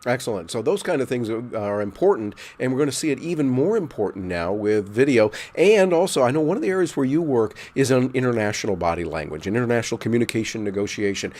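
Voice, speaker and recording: A man's voice: mid-range voice, expressive, quick pace, few pauses, darkish tone. A man hosting an interview over a video call, asking chatty, jokey questions. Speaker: interview host.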